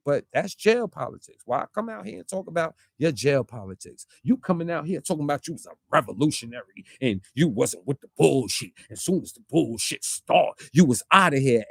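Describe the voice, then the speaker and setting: A man's voice: on the high side, creaky, no room sound, clean studio sound. Confrontational man ranting in street talk. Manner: confrontational, rapid-fire rhetorical questions, mocking quoted voices. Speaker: online commentator. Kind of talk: heated street-talk rant.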